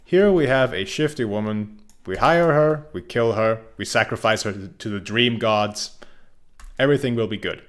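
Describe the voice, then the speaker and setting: A man's voice: on the low side, moderate pace, a bit bright. Young man rambling over a game. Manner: rambling and joking, with frequent restarts. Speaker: game streamer. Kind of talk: casual gameplay commentary.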